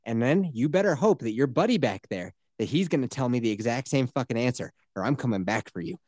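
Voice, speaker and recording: Man putting on a low, menacing tough guy. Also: lively intonation, fast, darkish tone, no echo, studio quality, lightly acted. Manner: low, cold and threatening. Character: gruff, menacing grown man interrogator.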